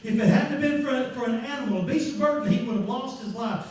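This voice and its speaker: Man, pastor, sermon, very high voice, animated storytelling, echoey church room, mic far off. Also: fast. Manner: lively storytelling, acts out voices, bursts into shouts. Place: church sanctuary.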